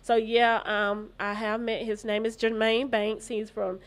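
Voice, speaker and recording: A middle-aged woman answering interview questions in an earnest, steady way, listing dates and events. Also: a little high, unhurried. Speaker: guest.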